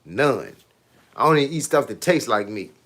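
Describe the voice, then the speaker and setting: A man's voice: medium pitch, big pitch swings, moderate pace, a bit bright. A middle-aged man, a fitness coach chatting casually with viewers on a live stream, laid-back and laughing often. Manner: laid-back, repeats "hey, look" and "bro", laughs often.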